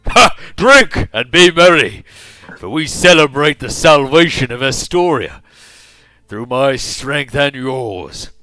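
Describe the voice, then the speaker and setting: A man voicing a boastful, lecherous, drunken bearded king who proclaims loudly. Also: mid-range voice, big pitch swings, slow, smooth, dry recording, faint music behind, pitched above the performer's own voice, exaggerated voice. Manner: loud proclaiming.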